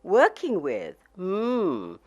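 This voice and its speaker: A woman's voice: on the low side, very animated, a little slow, darkish tone, dull audio. A woman reading aloud the lines of a smug, scornful middle-aged male official, in a mocking and condescending manner.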